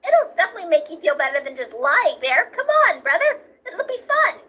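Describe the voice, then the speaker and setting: A woman's voice: extremely high pitch, big pitch swings, fairly quick, sharp tone, lo-fi sound, exaggerated voice. A woman voicing a young, cheerful skeleton boy who pleads with and soothes his sibling in a fan comic dub. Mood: coaxing.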